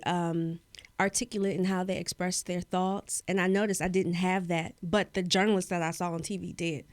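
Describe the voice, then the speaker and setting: A woman's voice: on the low side, smooth, dry recording. A young woman from Maryland, a public speaking coach, telling her story in a casual interview with careful, articulate diction. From Maryland, USA.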